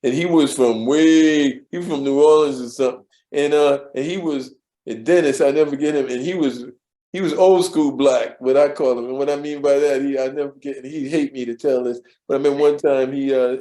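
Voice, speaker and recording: An older man, a former studio assistant, telling stories in a relaxed, rambling way with many restarts and fillers. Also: mid-range voice, moderate pace, roomy sound. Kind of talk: storytelling in a casual interview.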